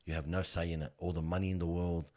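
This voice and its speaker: A man's voice: deep voice, fast talker. A middle-aged man who works with funerals, telling stories earnestly in a casual interview, often calling the listener bro. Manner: earnest, animated storytelling, calls the listener bro. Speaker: funeral worker.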